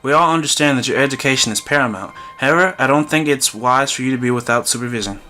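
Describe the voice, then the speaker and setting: A man voices a calm, middle-aged male hospital doctor explaining things in a measured, reassuring manner. His mid-range voice stays close to an everyday voice, with faint music behind.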